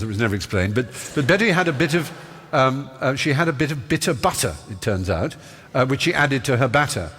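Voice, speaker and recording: A man's voice: mid-range voice, a bit bright, slightly rough. A middle-aged man from Norfolk, a guest telling stories in a live stage interview with ornate, playful wording and many fillers. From Norfolk, England. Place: large theatre stage. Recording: live theatre hall reverb, faint hiss.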